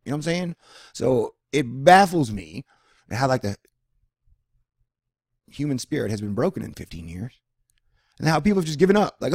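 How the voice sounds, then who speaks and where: A man giving a rambling personal monologue, swinging between loud animated bursts and low mutters. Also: a little fast, pauses often, breathy edge, no room sound, studio quality. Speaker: vlogger.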